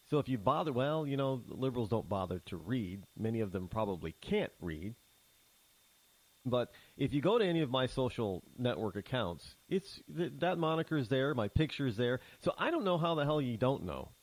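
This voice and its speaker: Animated, sarcastic middle-aged male talk host. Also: medium pitch, no echo, poor audio. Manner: sarcastic, combative, rambling with restarts. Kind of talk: opinionated talk radio monologue.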